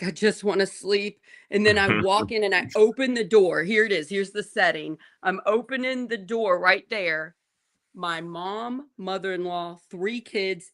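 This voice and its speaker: A woman in her forties, co-hosting a morning show, telling a family story in a lively way and laughing often. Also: lowish voice. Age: 40s. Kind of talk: casual chat.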